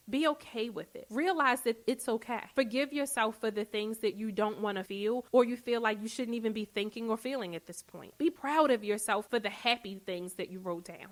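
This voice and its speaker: A woman hosting a self-care podcast, talking straight to her listeners in an encouraging, repetitive way with casual cursing. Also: on the high side. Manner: addresses listeners as queens. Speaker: podcast host. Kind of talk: motivational podcast monologue.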